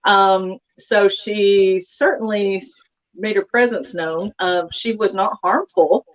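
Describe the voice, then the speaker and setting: A woman's voice: medium pitch, fairly even intonation, takes it slowly, rough recording. A woman from Texas, a guest author, chatting casually in an interview with many fillers and asides.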